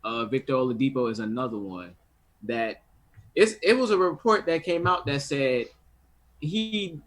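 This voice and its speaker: A man's voice: medium pitch, normal speed. A man hosting a casual sports podcast, steering the talk to the next topic and agreeing readily.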